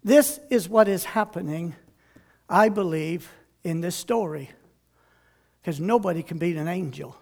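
A man preaching a sermon, animated, moving from slow and deliberate stretches to loud exhortation. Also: sits high, vocal fry.

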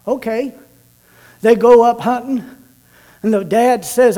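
A man preacher telling a story in a sermon, swinging from loud, urgent bursts to hushed, slow passages. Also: high voice.

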